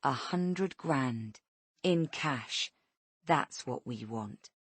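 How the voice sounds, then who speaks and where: A bitter, quietly menacing woman kidnapper, put on by a female narrator, her voice dropped low and slow. She threatens in a soft, dry tone with no room around it. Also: no echo.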